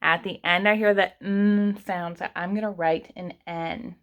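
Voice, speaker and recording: Slow, patient woman teacher. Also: fairly low pitch, steady tone, lo-fi sound. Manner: slow, sounding out words step by step; patient, talks to young children and parents. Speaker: kindergarten teacher. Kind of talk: online writing lesson.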